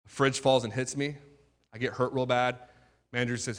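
A young man giving his testimony as a sermon to a crowd, telling his story with drama and dropping from loud to hushed. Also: medium pitch, flat delivery, moderate pace. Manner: talks straight to the crowd with questions. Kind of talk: testimony sermon to a live audience.

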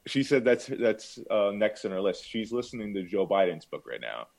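Brief: younger male podcast co-host, lowish voice, animated pitch, hesitant defensive replies. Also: moderate pace, creaky. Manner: defensive, hesitant with stammered restarts. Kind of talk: casual banter.

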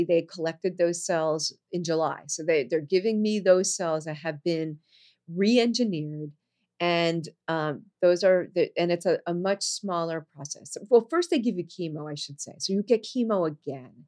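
Animated woman telling a personal story. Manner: animated, jumps high when quoting people; earnest, drops soft and low on serious moments.

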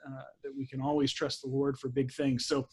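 A man's voice: medium pitch, monotone, fairly quick, darkish tone, slightly rough. A man hosting a podcast, bantering and teasing his guest in casual chat. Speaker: podcast host.

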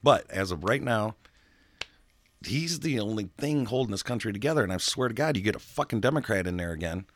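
A man's voice: fairly low pitch, lively intonation, brisk, no room sound. A man in casual political chat, rambling and emphatic, swearing freely.

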